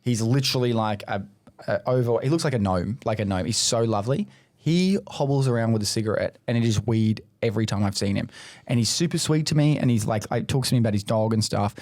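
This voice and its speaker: An Australian man, a podcast co-host, telling sweary, animated stories in casual chat. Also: lowish voice, fast. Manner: swears a lot, animated storytelling with acted-out quotes.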